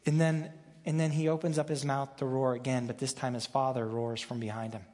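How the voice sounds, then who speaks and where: A man's voice: medium pitch, flat delivery, brisk, darkish tone, big-room sound. A man preaching a sermon as pastor, talking in a conversational, joking way with frequent restarts. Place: church sanctuary.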